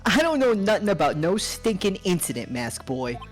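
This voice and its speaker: A woman voicing a gruff, jumpy male mob tough in a put-on Brooklyn tough-guy drawl while reading game dialogue on stream. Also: fairly low pitch, big pitch swings, normal speed, soft background music. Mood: blustering.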